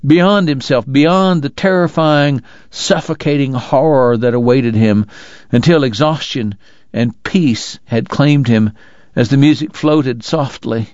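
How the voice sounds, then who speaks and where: A man reading an audiobook in a slow, measured, dramatic narration. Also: mid-range voice, darkish tone, no room sound, lo-fi sound. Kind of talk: scripted narration.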